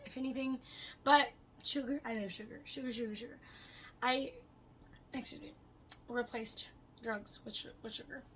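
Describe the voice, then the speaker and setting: A young woman chatting casually to her camera, rambling and swearing, her voice swinging between loud and soft as she jumps between topics. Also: on the high side, slight background noise, low-quality recording. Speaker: vlogger.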